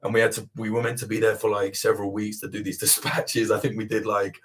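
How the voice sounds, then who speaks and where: A man's voice: on the low side, monotone, fast talker. A young adult man from England, a journalist hosting a livestream Q&A, telling a long sweary anecdote full of fillers and laughs. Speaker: journalist and channel host. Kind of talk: casual livestream Q&A storytelling.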